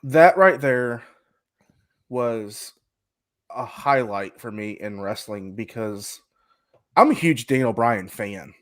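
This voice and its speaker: A man's voice: medium pitch, lively intonation, slow, pauses often, no echo. Male co-host, casual chat, rambles and restarts, dry close sound. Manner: rambling, hesitant, many restarts. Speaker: podcast co-host.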